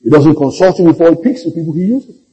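A man's voice: a little high, fast talker, slightly rough, highs cut off. A male pastor preaching a sermon, telling stories and calling for amens. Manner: storytelling, animated, calls for amens.

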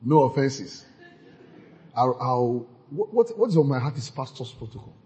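A man preaching a sermon, lively and playful, acting out church members in mocking voices. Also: medium pitch, moderate pace. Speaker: pastor.

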